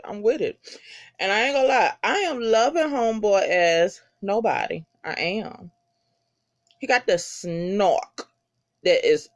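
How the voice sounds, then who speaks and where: Episode recapper: loose and slangy, with lots of cursing and a lively, swooping pitch. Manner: animated, heavy swearing, slangy. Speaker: TV episode reviewer. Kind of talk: casual profane episode recap.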